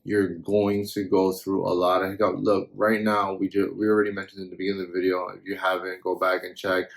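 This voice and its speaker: Young dad co-host, very low and gravelly, earnest, halting delivery. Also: male voice, flat delivery. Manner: earnest, halting, repeats himself. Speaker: parent vlogger, co-host. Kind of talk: casual parenting advice chat.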